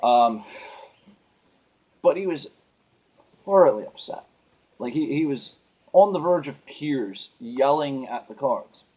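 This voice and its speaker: An earnest man talking through his frustrations in an unscripted monologue. He rambles, trips over his words and restarts sentences. His pitch sits in an ordinary middle range. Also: expressive, takes it slowly, pauses often, mellow, highs cut off. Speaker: vlogger. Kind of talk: casual venting monologue.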